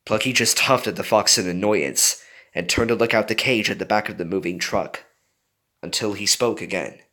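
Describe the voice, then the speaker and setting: A man reading a fan story aloud in an animated way, doing voices for the characters. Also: fairly low pitch, normal speed. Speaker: story reader.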